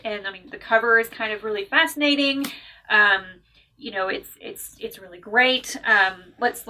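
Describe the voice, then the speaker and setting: Chatty Southern woman with a bright voice. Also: medium pitch. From American South. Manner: chatty, animated, self-interrupting with laughs and asides. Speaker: book reviewer. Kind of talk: casual book review vlog.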